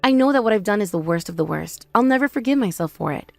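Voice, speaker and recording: A woman's voice: mid-range voice, expressive, fast, creaky, a little mellow, dry recording, faint music behind. A woman voicing a desperate, remorseful young wife who begs for forgiveness in a scripted drama. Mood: pleading. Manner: pleading, apologetic.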